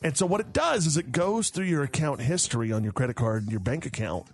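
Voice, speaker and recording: A man's voice: medium pitch, lively intonation, fast, soft background music. A man hosting a morning radio show, chatting casually and joking with his co-host. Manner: joking, stammers and laughs a lot.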